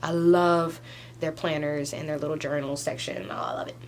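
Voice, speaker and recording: A tearful young woman in her twenties talks to her camera at home, her voice sitting on the low side. She rambles in a loose stream of consciousness, padding nearly every phrase with "like." A faint hum lingers under her words. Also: little pitch movement, moderate pace. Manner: rambling, heavy use of "like", tearful laughs. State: crying. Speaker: vlogger. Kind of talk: emotional confessional vlog. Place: at home doing a face mask.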